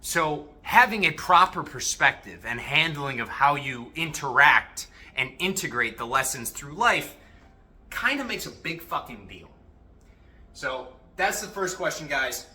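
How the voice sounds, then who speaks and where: A man talks straight to his viewers in a casual motivational monologue, swearing freely as he goes. His voice is bright and sharp, and it swings widely up and down in pitch. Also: measured pace. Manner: animated, profane, addresses viewers directly. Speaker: self-improvement vlogger.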